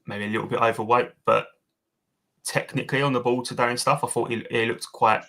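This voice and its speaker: A man's voice: medium pitch, steady tone, a little fast, creaky, sharp tone. A man co-hosting a casual fan podcast, giving blunt opinions, swearing and calling his co-host mate. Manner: blunt, matey, swearing, says mate a lot.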